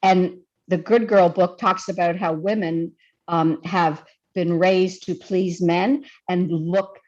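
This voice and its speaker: A woman speaks as a guest over a video call, and her audio comes through dull and muffled. She talks in a chatty, expressive way, acting out the things she once said to herself. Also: on the low side, slow. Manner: chatty and expressive, acts out her own past remarks. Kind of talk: casual conversation.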